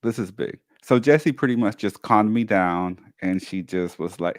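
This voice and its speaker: A man co-hosting a talk show, telling a personal story in a casual, animated way and acting out the family members he quotes. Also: lowish voice, normal speed, no echo, studio quality. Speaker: co-host.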